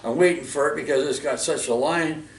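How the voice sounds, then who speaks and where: A man's voice: on the high side, a little fast, slight background noise. A man with a Canadian accent ranting in a casual, rambling way, full of fillers, restarts and "eh". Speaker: vlogger. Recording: echoey room, mic far off.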